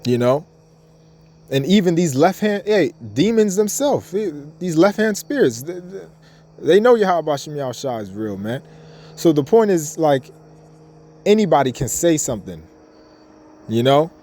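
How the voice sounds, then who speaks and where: Mellow-voiced man teaching scripture casually. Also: fairly high pitch, sing-song, a little slow, long pauses. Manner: casual, repetitive, restarts often, reads verses aloud. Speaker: bible teacher.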